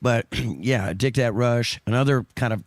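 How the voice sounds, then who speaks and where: A man's voice: mid-range voice, moderate pace, no room sound. Rambling, laughing man in a dry room. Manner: rambling, self-correcting storyteller with frequent laughs. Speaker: guest singer. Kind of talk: casual chat.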